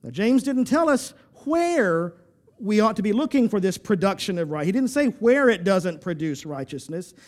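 A man delivers a sermon in a notably high voice. He drives his points home with rhetorical questions and emphatic repetition. His phrases often stumble and restart. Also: very animated, normal speed. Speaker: pastor.

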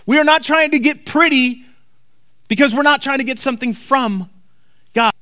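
A man preaching a sermon to a congregation. He talks emphatically and repeats key lines slowly for weight. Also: very high-pitched, sharp tone. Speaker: pastor. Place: church hall before a congregation.

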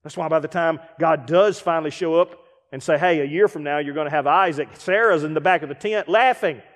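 A middle-aged man preaching a sermon, animated, with acted-out asides and rhetorical questions. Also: on the high side, brisk. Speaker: guest preacher. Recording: reverberant hall.

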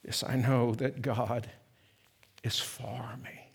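A middle-aged man preaching a sermon, swinging from loud emphatic peaks to soft, slow passages. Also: mid-range voice, flat delivery, vocal fry, slightly rough. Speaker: pastor.

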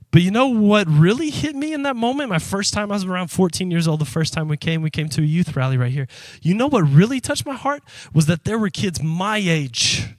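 Male pastor, high bright voice, fiery emphatic sermon delivery, dry close sound. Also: no room sound. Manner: impassioned, emphatic preaching; speaks directly to the congregation. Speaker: pastor and youth worker.

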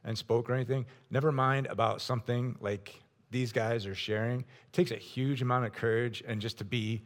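A man hosting a gathering, thanking a speaker and introducing the next in an appreciative, slightly halting way. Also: mid-range voice, steady tone. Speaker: host of the gathering.

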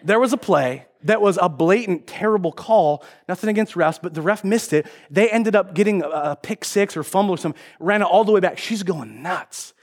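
Middle-aged pastor, man with a very high voice, playful and animated, good for a sermon opener. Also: brisk, hardly any pauses. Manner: animated, joking storyteller.

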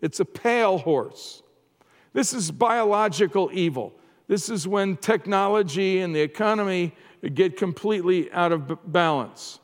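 A male pastor delivers a sermon in a slow, deliberate cadence, with a fairly high voice for a man. He speaks earnestly, stumbling and repeating words as he works toward each point. The sound carries a long reverb from a large hall. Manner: earnest preaching with frequent restarts and repeated words.

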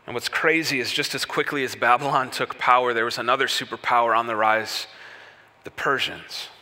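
A man preaching a sermon, telling the story with lively rhetorical questions. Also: medium pitch, fairly quick. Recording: echoey hall reverb.

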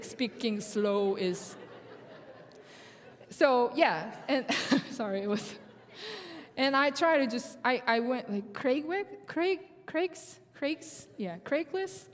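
A woman from South Korea with a Korean accent, whose first language is Korean, sharing a personal faith testimony in halting English with frequent restarts. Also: a little high, big-room sound. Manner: halting, restarts often, laughs through her story. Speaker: guest speaker sharing testimony.

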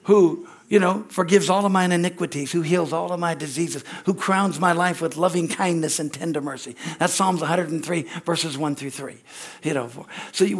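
Guy preaching sunday church sermon, slightly higher voice, goes loud then drops quiet. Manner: call-and-response preaching with frequent amens and hallelujahs; swings between loud exclamations and quiet asides. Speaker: pastor. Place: church sanctuary.

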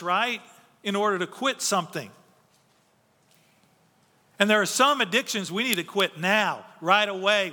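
Pastor type, man, high and very bright voice, earnest conversational preaching, hall reverb. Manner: conversational, earnest, with filler restarts. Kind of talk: sermon.

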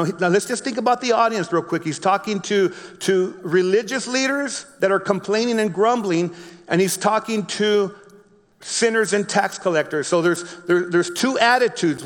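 A man preaching a sermon, reading a Bible story slowly and explaining it in his own words with frequent restarts. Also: high-pitched, a bit bright, long reverb tail. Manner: reads scripture slowly, then explains with repeated restarts. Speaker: pastor.

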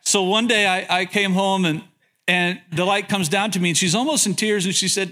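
A man's voice: high voice, steady tone, normal speed, bright, forceful tone. A man pastor preaching a sermon, telling humorous stories, questioning the audience, and often repeating words as he goes. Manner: frequent word repetitions.

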